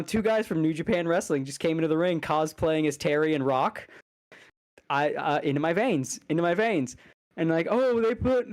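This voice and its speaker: A man on a casual podcast, ranting in an angry, profane, heated way with sudden fast bursts. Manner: fast bursts and sudden loud jumps in pitch. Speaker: podcast co-host.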